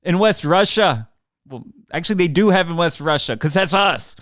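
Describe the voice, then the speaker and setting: Speaking into a desk microphone in front of his computer, this man hosts a solo podcast and rants sarcastically at the audience, swearing freely. His voice sits on the high side, animated and a bit bright, at a moderate pace in a dry recording.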